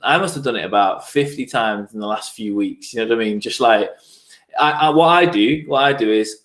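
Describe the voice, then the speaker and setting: A man hosting a casual interview show, chatty and quick to repeat himself. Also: medium pitch, a bit bright. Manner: chatty, repeats words, acts out quotes. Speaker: podcast host. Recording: echoey room.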